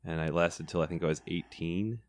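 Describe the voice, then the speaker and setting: A man's voice: deep voice, a little fast, dry recording. A man co-hosting a casual film podcast, making wry, dry jokes. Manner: wry, dryly joking. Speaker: podcast co-host.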